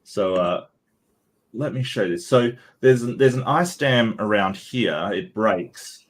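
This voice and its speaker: Low-voiced man hosting a casual panel. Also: lively intonation, takes it slowly. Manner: hesitant, many fillers and restarts. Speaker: host.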